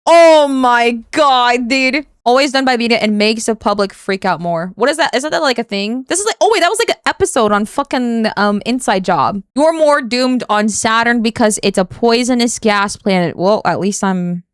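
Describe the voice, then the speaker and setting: A young woman talks over a video she is reacting to, rambling and exasperated, swearing freely and laughing between complaints. Her voice sits fairly high and sounds smooth and clean. The recording is dry and close, with no room sound. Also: lively intonation, normal speed, hardly any pauses, no echo. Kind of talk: casual reaction commentary.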